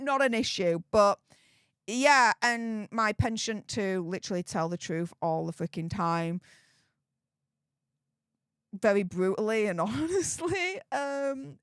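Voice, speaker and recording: A British woman hosting a live stream, chatting casually, laughing often and reading out viewer comments in a frank, animated way. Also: on the high side, dry recording, studio quality. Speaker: livestream host reading viewer chat.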